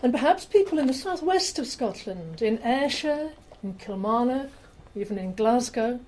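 A woman giving a public lecture with slides, chatty, with fillers and quick self-corrections, in a lecture room. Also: a little high, expressive, darkish tone, poor audio. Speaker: lecturer on rare books.

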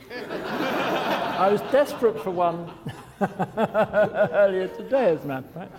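A man's voice: high voice, very animated, slow pace. An older man, an architect, giving an informal lecture in a wry, digressive way, chuckling at his own jokes. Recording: lecture hall reverb.

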